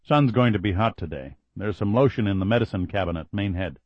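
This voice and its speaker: A man's voice: lowish voice, lively intonation, brisk, dry recording, dull audio. A man playing a laid-back ex-Navy sailor who explains things in an easygoing, wry way. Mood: matter-of-fact.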